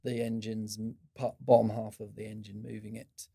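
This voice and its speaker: A man's voice: lowish voice, normal speed, gravelly, slightly rough. A middle-aged man, a former procurement executive, speaks as a guest in a podcast interview and tells anecdotes with many restarts. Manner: animated storyteller, many restarts.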